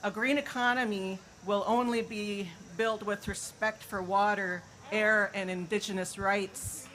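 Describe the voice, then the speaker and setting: A woman's voice: medium pitch, fairly even intonation, unhurried, a bit bright, rough recording. A woman from Minnesota giving an earnest protest speech outdoors, with frequent fillers. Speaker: rally speaker. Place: outdoor rally.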